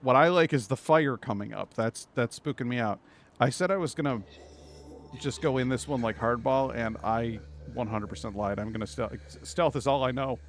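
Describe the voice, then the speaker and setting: A man streaming a game live, chatting casually and rambling through jokes and puns as he plays. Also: mid-range voice. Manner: rambling, jokey, punning. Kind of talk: casual live gameplay commentary.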